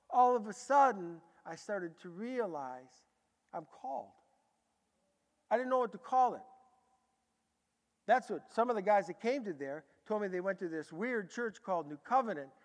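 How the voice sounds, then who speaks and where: Male preacher, very high and bright voice, animated storyteller, echoey large hall. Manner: animated, acts out dialogue in a lively way. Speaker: preacher giving a testimony. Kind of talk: sermon storytelling.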